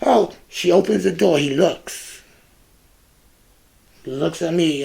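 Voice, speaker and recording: A man from Ohio telling a personal story in a casual, animated monologue, acting out the exchanges and filling gaps with "da, da, da.". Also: high-pitched, unhurried, creaky, long pauses. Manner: animated, reenacts exchanges, scat fillers like "da, da, da". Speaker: vlogger.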